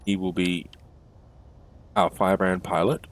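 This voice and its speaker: A man's voice: deep voice, little pitch movement, unhurried. A man hosting a game stream, chatting casually and correcting himself as he goes. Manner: chatty, self-correcting, laughs easily. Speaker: stream host.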